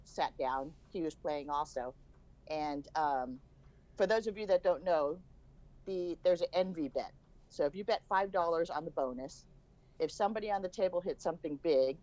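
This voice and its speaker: A woman's voice: low-pitched, dull audio. A middle-aged woman, a guest on a podcast, telling a story casually and acting out the voices she quotes. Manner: animated, acts out quoted voices. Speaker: podcast guest, a host's mother.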